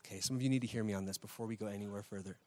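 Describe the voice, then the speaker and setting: A man's voice: fairly low pitch, steady tone, very fast, warm tone. A man in his thirties preaching a sermon in a chatty style, asking the audience questions and often checking in with "right?". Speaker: pastor. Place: church hall with a live audience. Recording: long reverb of a large hall.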